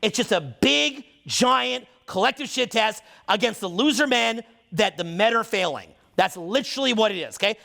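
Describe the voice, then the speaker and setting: Gravelly high-voiced man ranting. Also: lively intonation, sharp tone. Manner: profane, heated and emphatic; talks fast, gets on a roll. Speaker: social skills coach. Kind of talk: unscripted ranting monologue.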